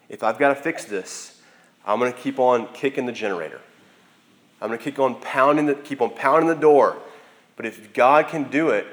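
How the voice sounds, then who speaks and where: A young man preaching earnestly to a campus group on a Sunday evening, then praying, often repeating words as he searches for them. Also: medium pitch. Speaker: campus minister. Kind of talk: sermon and closing prayer.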